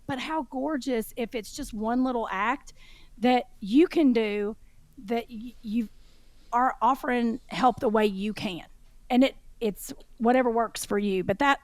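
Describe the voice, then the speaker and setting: A woman co-hosting a podcast in casual chat, an animated, expressive storyteller who laughs often. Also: on the high side, normal speed, dry recording. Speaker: podcast co-host.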